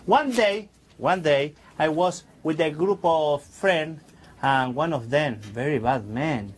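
A man's voice: on the high side, takes it slowly, a little hiss or hum. A man performing as a stage magician, chatting playfully with the audience in slightly broken English.

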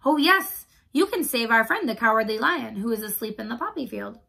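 An earnest, reassuring straw scarecrow, voiced by a woman reading aloud. The voice is gravelly and husky and sits fairly high. It is a storybook read-aloud. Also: very animated, normal speed, a bit bright, full character voice. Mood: eager. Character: gentle male scarecrow of straw.

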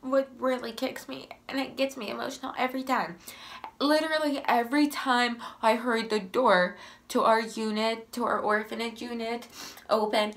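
A young woman with a runny nose and short breath tells her life story to camera, sighing often and turning soft and emotional. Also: fairly high pitch, steady tone, moderate pace. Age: young adult. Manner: emotional, sighing, voice rising and softening.

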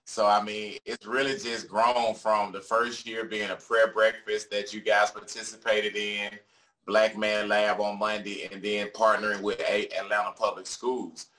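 A man running a discussion group, speaking in a measured, reflective way. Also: lowish voice, flat delivery, sharp tone, recorded from a distance, low-quality recording. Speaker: organizer of a men's discussion group. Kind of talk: reflective panel talk. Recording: voice set back from the mic.

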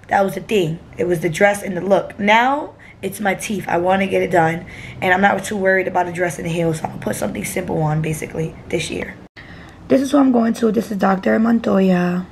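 A woman's voice: mid-range voice, gravelly, a little hiss or hum. A young woman from New York vlogging casually from an airport and a hotel room, blunt and profane, speaking into a phone at arm's length. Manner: blunt and profane, tearful at times. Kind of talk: casual vlog.

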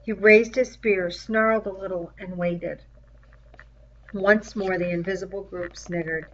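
A woman reading a novel aloud in a measured storytelling manner, with the cries in the story voiced aloud. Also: medium pitch, fairly even intonation, a bit bright. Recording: dull lo-fi recording.

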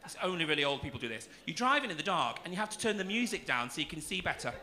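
Slightly high and bright, his pushed voice swings widely in pitch as he talks very fast. This stand-up comedian in his 40s is camp and cheeky, teasing the audience and cursing without restraint. Laughter fills the noisy comedy club around the stage.

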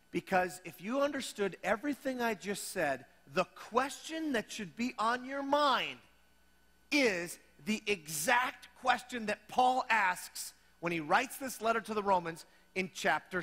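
A man with a high, bright voice preaches in an animated, conversational way. He voices his listeners' imagined questions and then answers them. The sound carries a long reverb from a large church hall. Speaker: pastor. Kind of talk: sermon.

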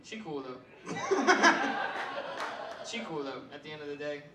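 A man doing stand-up, telling a profane story with loud bursts and laughs. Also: on the high side, sing-song, slow pace, background noise. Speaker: comedian. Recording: roomy stage sound from far mic, audience.

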